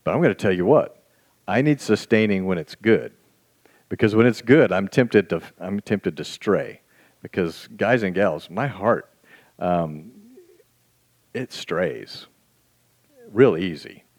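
Low-voiced preacher, folksy sermon. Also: male voice, expressive, a little mellow. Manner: conversational, folksy, self-deprecating; slow, deliberate scripture reading. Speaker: pastor.

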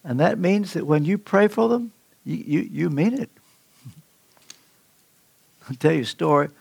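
Older guy preaching, gravelly voice, kinda high, dry close sound. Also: lively intonation, slow pace, a little mellow, no echo. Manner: storytelling, emphatic with sudden pitch leaps. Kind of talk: sermon.

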